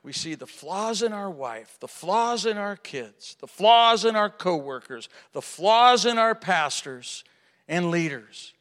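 A man preaching a sermon to a live audience, asking rhetorical questions and swinging from hushed to loud. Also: high voice, animated, slow pace. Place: large hall with an audience. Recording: reverberant hall.

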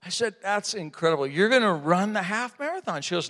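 Animated pastor preaching in a reverberant hall. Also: male voice, sits high, fairly quick, hardly any pauses. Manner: animated storytelling, acts out dialogue. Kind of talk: sermon.

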